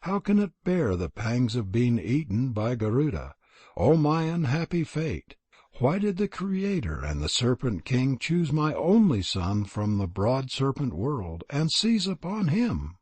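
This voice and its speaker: A man reading a storybook, voicing a grieving old serpent mother in a wailing lament with a husky voice. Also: medium pitch, big pitch swings, measured pace, darkish tone, dry recording.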